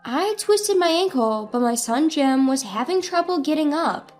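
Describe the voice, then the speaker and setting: Woman, first-person storyteller, earnest and dramatic, animated delivery, faint background music. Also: high voice, normal speed. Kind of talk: scripted narration.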